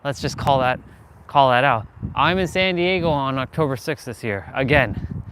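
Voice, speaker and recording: A man live-streaming from an outdoor park, musing in a rambling, unhurried way while he swings. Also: medium pitch. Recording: noisy outdoor recording.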